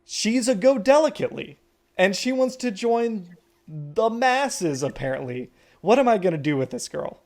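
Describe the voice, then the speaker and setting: Gossipy high-society mom, shrill and loud, done by a man. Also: very animated, normal speed. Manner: gushing, chatty, high-pitched and loud. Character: fussy doting upper-class mother, middle-aged woman.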